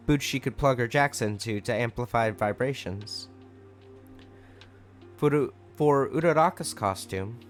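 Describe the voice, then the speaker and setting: Male storyteller, mid pitch, casual fanfic reading with wry asides. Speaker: fanfic narrator.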